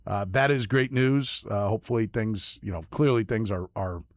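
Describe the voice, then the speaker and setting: A man's voice: lowish voice, normal speed, no echo, clean studio sound. A man hosting sports talk radio, giving emphatic opinions and often repeating words as he starts a point. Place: radio studio. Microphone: studio microphone.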